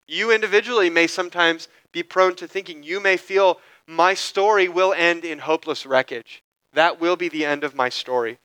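A man, a pastor, preaching a sermon in a measured way, slowing down to stress key phrases. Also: high-pitched, bright, forceful tone, no room sound, rough recording.

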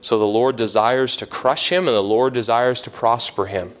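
A man's voice: medium pitch, steady tone, normal speed. A man teaching a Bible class, explaining step by step with many fillers and restarts.

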